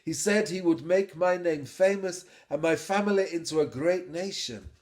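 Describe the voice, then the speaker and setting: A man voicing a gentle, patient middle-aged man speaking earnestly. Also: on the high side, moderate pace, close to an everyday voice.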